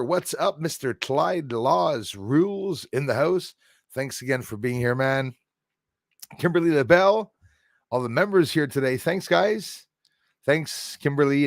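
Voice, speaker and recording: Man, live stream host, casual rambling chat, greets viewers, middle pitch, dry room. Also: no echo. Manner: chatty, greets viewers by name, loose and rambling.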